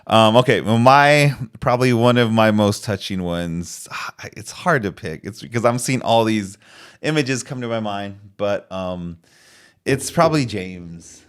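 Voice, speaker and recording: A man's voice: on the low side, expressive, measured pace, clean tone. Earnest middle-aged man podcast host. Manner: earnest, emotional, retells scenes with quoted lines. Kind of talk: casual chat.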